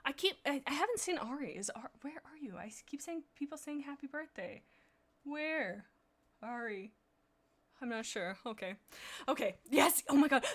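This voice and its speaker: A woman's voice: a little high, a bit bright. A woman hosting a livestream, chatting casually and reading aloud with bubbly, rambling asides. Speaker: livestream host.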